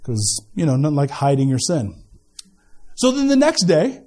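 A man with a fairly high voice preaches a sermon in a church. He talks casually and cracks jokes, stumbling and repeating words as he gets going. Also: huge pitch swings, moderate pace, warm tone. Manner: conversational, joking, repeats words when starting a sentence. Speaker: pastor.

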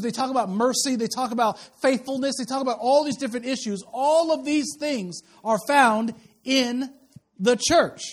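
A man preaching a sermon as pastor in a church, animated and conversational, with asides to the children. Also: high-pitched. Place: church sanctuary.

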